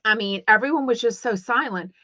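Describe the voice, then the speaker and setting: A woman's voice: fairly high pitch, brisk, bright, forceful tone, dry recording. Middle-aged texan lady rambling on her podcast, kinda muffled lo-fi mic. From Texas. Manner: chatty and rambling, many fillers and restarts. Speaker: podcast host. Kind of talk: casual livestream chat. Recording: dull lo-fi dry sound.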